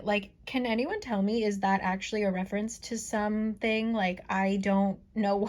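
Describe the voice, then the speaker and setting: A woman chatting casually and bluntly as she reviews a book she is reading, with excitable outbursts and free swearing. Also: fairly high pitch.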